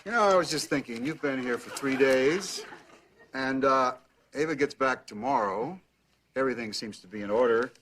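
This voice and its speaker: A man's voice: medium pitch, normal speed, close to an everyday voice. An actor playing a put-upon, exasperated middle-aged father in a sitcom. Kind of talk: sitcom acting. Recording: loud-noise TV broadcast audio.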